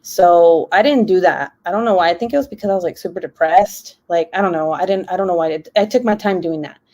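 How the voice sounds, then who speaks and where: A young woman chatting on a live stream, her voice sitting a little low. She rambles through a long story, leaning on "like" constantly. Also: fast talker, mellow. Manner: chatty, rambling, heavy use of "like". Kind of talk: casual storytelling while reading chat.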